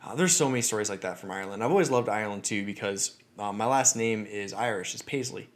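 A man hosting a podcast, telling personal stories in a chatty, animated way. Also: lowish voice, fast talker. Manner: chatty, animated, many fillers and restarts. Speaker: podcast host. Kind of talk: casual storytelling.

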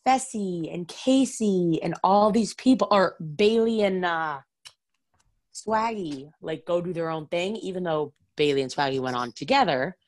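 A woman chatting casually about reality TV, full of "like" and quick asides. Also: lowish voice, animated, darkish tone, no echo. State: has the hiccups.

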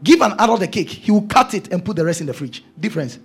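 A man's voice: high voice, animated, fast talker, husky, soft background music. A male preacher delivering a sermon, emphatic and repeating his key phrases.

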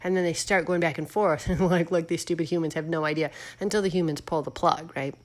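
A woman hosting a casual chat, musing out loud with lots of fillers and questions for her listeners. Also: sits low, steady tone, fast talker. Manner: musing, rambling, full of fillers; asks the audience questions. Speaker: host.

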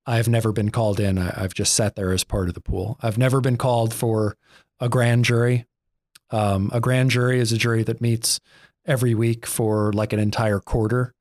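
A man's voice: mid-range voice, steady tone, moderate pace, darkish tone, dry recording, clean studio sound. A man, co-hosting a podcast in a rambling, self-deprecating, jokey way. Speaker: podcast co-host. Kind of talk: casual chat.

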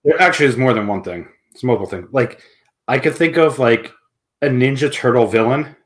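A man's voice: medium pitch, fairly quick. A man co-hosting a casual podcast chat, jokey and giggly, cracking stupid jokes. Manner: jokey, giggly, self-deprecating. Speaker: podcast co-host.

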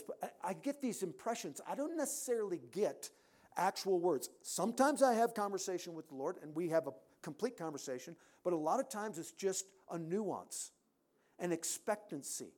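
A man preaching a sermon in a church, emphatic, rising to loud peaks and dropping to quiet endings. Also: high voice, very animated, normal speed.

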